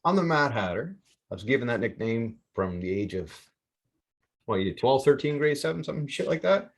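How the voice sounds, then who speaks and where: A man hosting a podcast, telling a rambling story in casual chat with heavy swearing and lots of excitement. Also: medium pitch, brisk, gravelly. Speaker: podcast host. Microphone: remote call setup.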